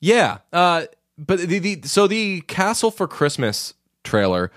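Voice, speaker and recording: Animated, higher-voiced male podcast co-host. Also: takes it slowly, dry recording, clean studio sound. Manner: animated, rambling with restarts and fillers. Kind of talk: casual chat about movies.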